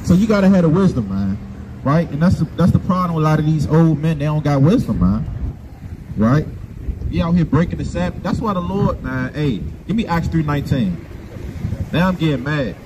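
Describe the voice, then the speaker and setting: A man's voice: a little high, lively intonation, normal speed. A man preaching on the street outdoors at a gas station, scolding and calling for scripture to be read. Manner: confrontational, scolding, repetitive call-and-response. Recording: noisy outdoor street recording.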